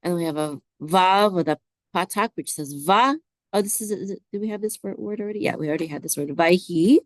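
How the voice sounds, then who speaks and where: A woman teaching biblical Hebrew word by word, slowly sounding out letters and asking listeners to repeat after her. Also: fairly low pitch, no room sound. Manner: slow, drawn-out repetition, prompting listeners to say words back. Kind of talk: slow, patient word-by-word Hebrew lesson.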